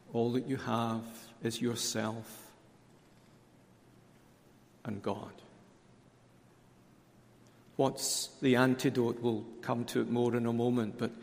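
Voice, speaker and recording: A man preaching a conference sermon, speaking slowly and deliberately with emphatic repetition. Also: mid-range voice, a little mellow. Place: conference hall. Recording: reverberant hall.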